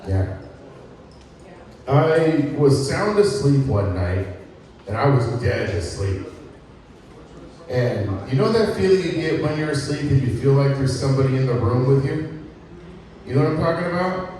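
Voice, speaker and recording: A man's voice: mid-range voice, lively intonation, a little slow, pauses often, a little mellow. A middle-aged man doing a stand-up set, telling profane stories about his son and chatting with the crowd. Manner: profane storytelling, crowd work. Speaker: stand-up comedian. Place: comedy club stage. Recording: echoey hall from far off with crowd.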